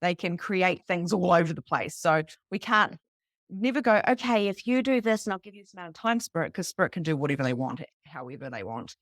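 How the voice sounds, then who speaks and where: A New woman in her thirties telling a personal story to a live group, animated and casual, swearing freely. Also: on the low side, a little fast, no echo, clean studio sound. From New Zealand. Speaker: psychic medium teaching beginners.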